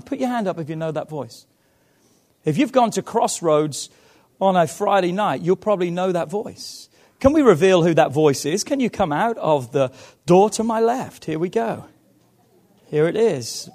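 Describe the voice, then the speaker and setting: A man preaching a sermon to his church, emphatic and swinging between loud calls and hushed passages. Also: high voice, big pitch swings, normal speed. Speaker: pastor.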